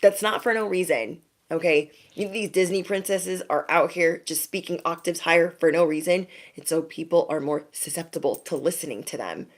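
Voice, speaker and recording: A woman with a low-pitched voice reads tarot for her online audience. She speaks in a loose, conversational way, often pauses to ask "okay?", and laughs lightly now and then. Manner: chatty, reassuring, frequent "okay?" and laughs. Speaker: tarot reader. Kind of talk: casual tarot reading to viewers.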